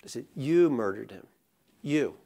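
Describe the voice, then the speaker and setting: A man preaching a sermon. He talks casually with many fillers, then builds to slow, impassioned emphasis. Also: medium pitch. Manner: conversational, rising to impassioned emphasis; many fillers and restarts in the calmer parts. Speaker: pastor.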